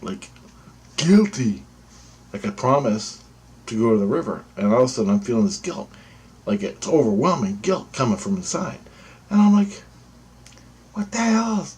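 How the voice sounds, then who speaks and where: A man's voice: fairly low pitch, lively intonation, moderate pace, a little mellow, breathy edge. A man telling a personal story in a rambling, repetitive way, swearing freely. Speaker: vlogger. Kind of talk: casual spoken storytelling.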